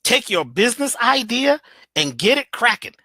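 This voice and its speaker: A man holding forth in an animated motivational talk, emphatic and preachy, swinging his pitch all over. His tone is bright and forward, and the recording is close and dry with no room sound. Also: moderate pace, dry recording. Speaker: guest speaker.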